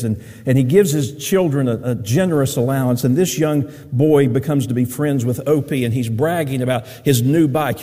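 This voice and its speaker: A man's voice: medium pitch, warm tone, big-room sound. A man preaching a sermon, telling stories in a folksy way. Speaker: pastor.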